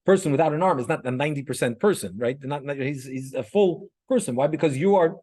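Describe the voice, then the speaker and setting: A man's voice: fairly high pitch, fast talker, darkish tone. A man teaching a class, lecturing conversationally, telling stories and often checking in with the students. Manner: conversational, many restarts and "right?" checks. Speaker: class instructor.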